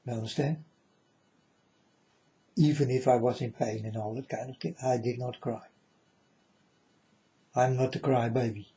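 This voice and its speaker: A man's voice: medium pitch, fairly even intonation, warm tone. A man speaking to his viewers in a casual spiritual monologue, repeating himself and often checking whether the listener understands. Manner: slow, repetitive, keeps asking the listener "you understand?". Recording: dull lo-fi recording.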